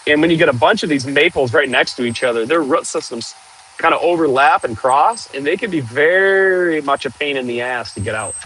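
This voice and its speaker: A man hosting a casual outdoor livestream, chatting and joking with viewers while clearing trees with a machine. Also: on the high side, animated, brisk, sharp tone, low-quality recording. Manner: chatty, jokey, talks to viewers while working. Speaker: livestream host.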